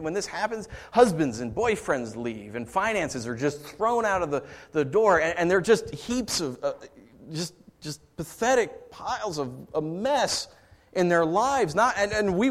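A male pastor delivers a sermon in a voice pitched a little above most men. He tells stories softly and then rises into loud, impassioned preaching. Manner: swings from quiet storytelling to raised impassioned preaching.

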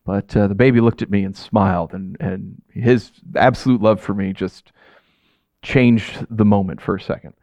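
A man in his thirties preaching a sermon to his congregation, talking in a relaxed, animated way with frequent "right?" asides. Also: on the low side, moderate pace, no room sound, lo-fi sound. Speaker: pastor.

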